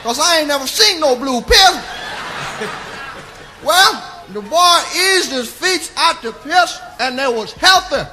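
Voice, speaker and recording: A man's voice: very high-pitched, lively intonation, takes it slowly, background noise. A man telling a raunchy comic story in a sing-song, drawling way, often breaking into laughter.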